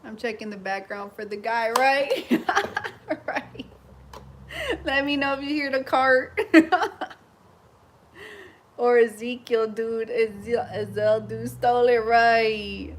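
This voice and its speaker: Animated high-voiced woman telling stories. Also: slow, long pauses. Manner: animated storyteller, laughs often. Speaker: hair braider. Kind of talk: casual chat while doing hair on a livestream.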